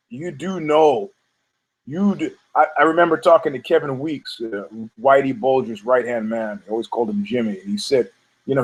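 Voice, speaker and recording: This podcast host is a man with a medium-pitched voice, captured in a low-quality recording. On his laid-back sports show he wanders off topic, trips over his words, says things twice, and curses without restraint.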